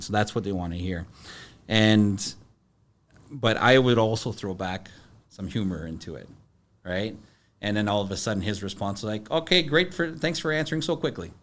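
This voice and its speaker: A middle-aged man, a podcast guest, telling stories in a halting, plain-spoken way full of fillers and restarts. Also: lowish voice. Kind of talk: casual storytelling.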